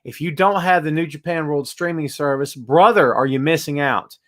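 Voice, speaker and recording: A man's voice: a little high, moderate pace. A man hosting a casual live-streamed wrestling podcast from his home, chatty and greeting viewers by name. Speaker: podcast host. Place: home room with bass amp.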